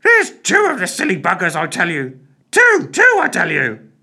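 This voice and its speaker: A man voicing an excitable stuffed male parrot, for a storybook audio tale. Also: moderate pace, creaky, breathy edge, full character voice. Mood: squawking. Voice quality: shrill squawk.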